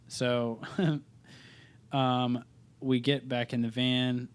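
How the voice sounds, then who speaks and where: A young man, a band singer appearing as a podcast guest, speaks extremely slowly in a smooth, mid-range voice with a level tone. Telling a story in casual chat, he rambles, swears often, and keeps interrupting himself.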